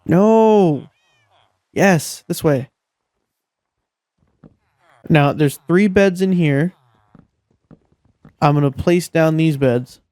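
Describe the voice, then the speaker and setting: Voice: medium pitch, slow, pauses often, mellow, no room sound, clean studio sound. A gameplay commentator talking casually, exasperated and swearing often, scolding game characters, with the voice leaping up when frustrated.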